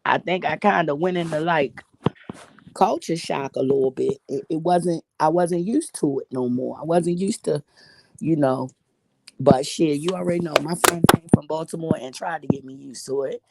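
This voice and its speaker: Woman vlogger, middle-aged, raspy fry, cusses freely, preaches hard lessons, faint hiss behind. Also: sits low, normal speed, a little mellow. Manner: profane, emphatic, preachy. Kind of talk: candid storytelling monologue.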